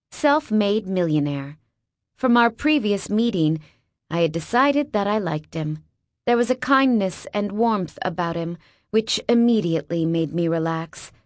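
A woman's voice: lowish voice, darkish tone, dry recording. A woman narrating a first-person novel with wry, sarcastic asides, on a close mic. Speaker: audiobook narrator.

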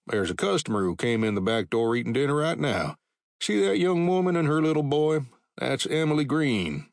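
A man's voice: mid-range voice, gravelly, no room sound, clean studio sound. A man voicing a talkative, folksy frontier saloon bartender in an audiobook western. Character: wary middle-aged male saloon bartender.

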